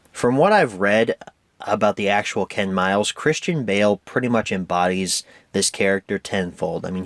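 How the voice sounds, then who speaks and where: A young man hosting a casual home media review, animated and rambling, often correcting himself. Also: fairly low pitch, no room sound.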